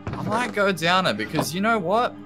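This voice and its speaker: A man's voice: high voice, expressive, normal speed. A man chatting casually while playing a game with friends, joking and yelping when startled. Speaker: gamer. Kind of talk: casual gaming chat. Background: game music.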